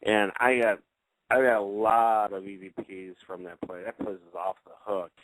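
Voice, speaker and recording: A man's voice: lowish voice, little pitch movement, normal speed, no echo, poor audio. A man, a paranormal investigator, casually recounting an experience on a talk show, rambling with many fillers and restarts. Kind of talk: casual anecdote telling.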